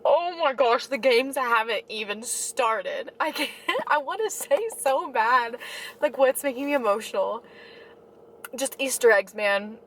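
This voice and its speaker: A young woman with a lilt talks in a slightly high voice. She gushes and exclaims dramatically, chatting to her viewers like a friend. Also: a little slow, slight background noise. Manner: gushing, dramatic, breathless with excitement. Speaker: book vlogger. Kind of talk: excitable reading vlog chat.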